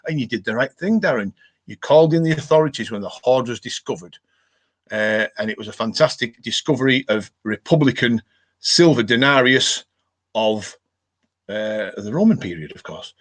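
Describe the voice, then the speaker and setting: A man's voice: medium pitch, animated, normal speed. A man with a northern English accent hosting a casual live stream, reading out viewer comments and chatting in a rambling way with lots of fillers. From northern England.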